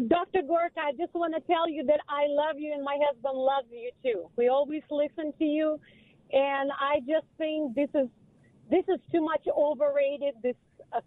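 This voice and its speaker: A woman with a Russian accent and a high voice calls in over a thin, tinny phone line. She talks effusively, piling on praise and cutting in with "listen". The sound is dry and close. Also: no room sound. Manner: effusive, keeps saying "listen". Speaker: caller. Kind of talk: call-in radio chat.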